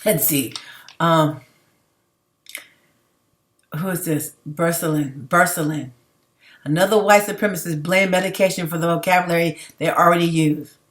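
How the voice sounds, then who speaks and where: A woman with a lowish voice livestreams, reading viewer comments aloud at a moderate pace with long pauses. She's outspoken, casual and emphatic in her commentary, laughing between points.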